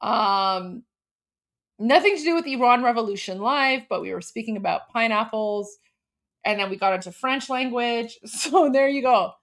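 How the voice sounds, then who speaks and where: A young woman, telling a story in a casual livestream chat, animated and filler-heavy. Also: on the high side, moderate pace. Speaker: livestream host.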